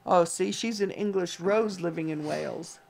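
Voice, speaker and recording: Her voice sits on the lower side, gravelly and a bit dark, moving at a normal speed. She's co-hosting a casual homestead livestream, joking around as she reads out comments and names from viewers.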